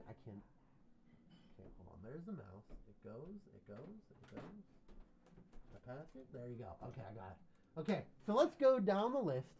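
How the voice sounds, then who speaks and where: A man hosts a casual call-in livestream, talking straight to his viewers. He rambles and pokes fun at himself, and his pitch swings up and down with lively animation. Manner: rambling, self-deprecating, chatty asides to viewers. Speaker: livestream call-in show host.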